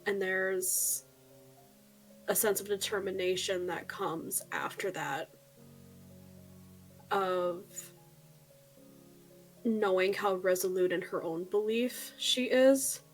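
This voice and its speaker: A woman playing a tabletop game, softly describing her character's inner thoughts. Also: medium pitch, slow pace, long pauses, soft background music. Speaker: player.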